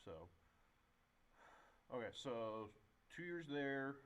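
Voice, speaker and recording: A man's voice: medium pitch, big pitch swings, very slow, fairly bright tone, clean tone. A man, a pastor, interviewing a colleague and prompting him with short affirmations and questions. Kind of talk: casual interview.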